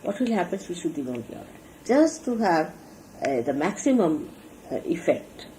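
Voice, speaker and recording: A woman's voice: fairly low pitch, very animated, normal speed, dark tone, poor audio. A woman giving an earnest sermon to followers, teaching how to behave and showing each point with gestures. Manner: earnest, instructive, demonstrates with gestures. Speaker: spiritual teacher. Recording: archival talk recording with faint hiss.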